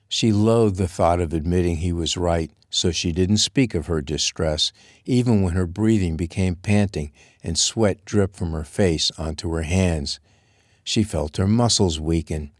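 A man reading a romance novel aloud as narrator, in a steady, measured way. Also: low-pitched, no echo, clean studio sound. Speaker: audiobook narrator. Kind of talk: scripted narration.

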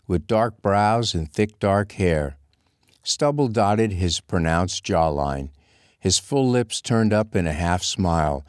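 Casting: male audiobook narrator, low voice, steady measured reading, dry booth sound. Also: dry recording. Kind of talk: scripted narration.

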